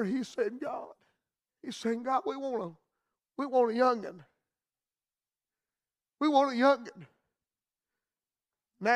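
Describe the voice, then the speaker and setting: High-voiced folksy Southern preacher. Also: male voice, fairly bright tone. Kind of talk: radio sermon.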